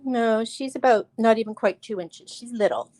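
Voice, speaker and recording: A woman's voice: on the high side, normal speed, darkish tone. Chatty woman hosting a live crystal sale. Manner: chatty, enthusiastic, frequent fillers and restarts; addresses viewers by name while showing stones. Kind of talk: live crystal sales show.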